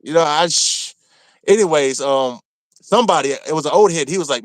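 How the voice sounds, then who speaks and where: A man from Maryland telling a rough story from his time in prison, cursing freely and acting out what people said. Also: on the high side, normal speed, no room sound. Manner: animated, profane, acts out quotes. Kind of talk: casual storytelling.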